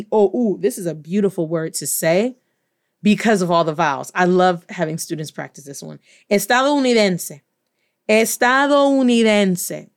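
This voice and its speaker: An American Spanish teacher with a mid-range voice gives a lively, playful language lesson. She spells words out slowly, one letter at a time.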